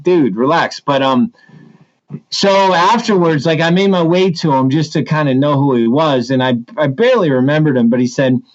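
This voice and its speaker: A man, an assistant principal, telling stories in a casual interview, animated and full of restarts. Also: fairly high pitch, normal speed, lo-fi sound. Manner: animated storyteller with many restarts.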